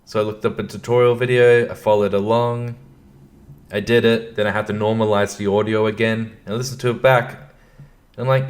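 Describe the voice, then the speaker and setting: A man's voice: fairly low pitch, level tone, a little fast. A man hosting a casual solo podcast from his computer at home, rambling, breaking off mid-thought and laughing at himself. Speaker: podcast host. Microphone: computer microphone at his desk.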